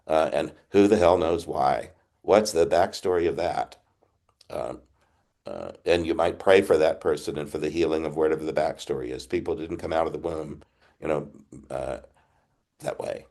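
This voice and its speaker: An older man, a priest, giving a reflective retreat talk over a video call, halting with frequent restarts. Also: extremely low pitch. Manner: halting, many restarts, gentle laughs.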